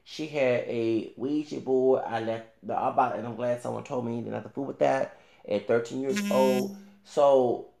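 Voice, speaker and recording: A man's voice: medium pitch, steady tone, moderate pace, gravelly, mellow, roomy sound. A man ranting casually to camera as a YouTuber, rambling with many restarts and fillers and talking back directly to another creator.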